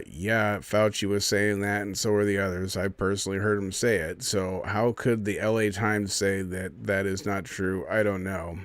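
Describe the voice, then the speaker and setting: A man's voice: fairly low pitch, no echo. A man hosting a live stream, reading out a news fact check and arguing with it in an indignant, sarcastic running commentary.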